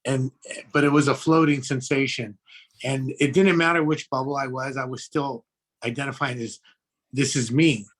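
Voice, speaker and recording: A man in an online class telling a personal story, halting and searching for words, heard over a video call. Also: mid-range voice, fairly even intonation, fairly bright tone. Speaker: class participant. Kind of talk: casual sharing.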